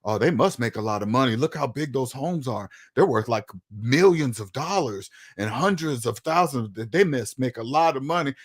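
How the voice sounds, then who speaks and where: A man's voice: mid-range voice, lively intonation, normal speed, few pauses, husky, voice pushed down. A man voicing a bewildered, wide-eyed newcomer. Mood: incredulous. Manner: incredulous, questioning.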